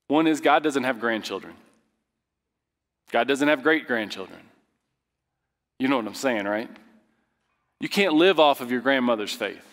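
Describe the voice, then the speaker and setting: A man preaching a sermon as pastor, moving between loud emphatic passages and quiet, low ones. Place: church sanctuary. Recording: long hall reverb.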